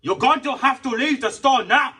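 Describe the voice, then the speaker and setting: A bossy sandwich shop worker, pitched high and loud, dismissive and insistent, as a man mocks him. The voice is bright and sharp. It is recorded from a little away from the mic. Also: normal speed, recorded from a distance. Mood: snappy, dismissive.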